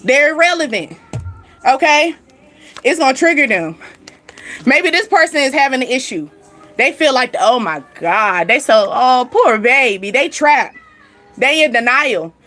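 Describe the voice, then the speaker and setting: Woman, high-pitched, sassy, lively spiritual reading, soft music behind. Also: unhurried, pauses often. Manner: animated, sassy, laughs often, talks straight to the listener. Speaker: spiritual reading channel host. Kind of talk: casual spiritual reading to viewers.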